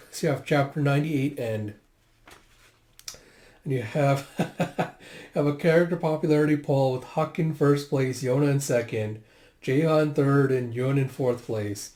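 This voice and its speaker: A man's voice: medium pitch, normal speed, darkish tone, echoey room. Man casually narrating a manga readthrough. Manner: reads all dialogue aloud in raised voices, filler-heavy. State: hiccups.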